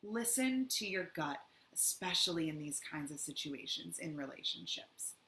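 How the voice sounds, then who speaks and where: A woman's voice: sits low, expressive, moderate pace, fairly bright tone. A woman educator who works on domestic violence, answering viewer questions in an earnest Q&A and explaining through acted-out examples. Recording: echoey room with faint background noise.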